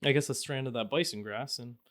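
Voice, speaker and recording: A man's voice: mid-range voice, fairly quick. A young man from Canada co-hosting a podcast, chatting casually with many fillers and restarts. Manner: relaxed, hesitant, frequent fillers and restarts. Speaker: podcast co-host. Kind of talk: casual chat.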